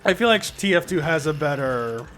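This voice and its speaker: Man, high voice, stream host, casual and profane, soft music behind. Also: expressive, brisk. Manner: swears casually while directing players. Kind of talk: casual gaming stream chat.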